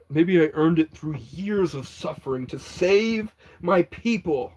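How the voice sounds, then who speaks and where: A man with a fairly high voice rambles through a livestream, answering chat and swearing freely. He tells long, meandering stories in loose, casual speech. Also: husky.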